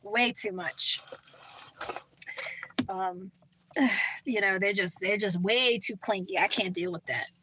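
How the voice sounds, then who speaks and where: A woman's voice: mid-range voice, slow, pauses often, noisy background. A woman vlogger talking in a casual, rambling way, full of "you know" and "like.". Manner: rambling, chatty, heavy on fillers like "you know". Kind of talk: casual vlog chat.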